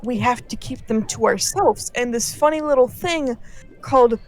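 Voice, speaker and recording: Young woman swearing through a lively story. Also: on the high side, normal speed. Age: 20s. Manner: profane, animated, acts out quoted voices. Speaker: gaming channel co-host. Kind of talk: casual storytelling chat.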